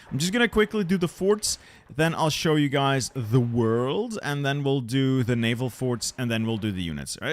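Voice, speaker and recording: A man giving casual commentary on his strategy game, chatting with viewers and muttering to himself as he plans. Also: mid-range voice. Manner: chatty, answers viewers, mutters repeated words. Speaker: gaming channel host.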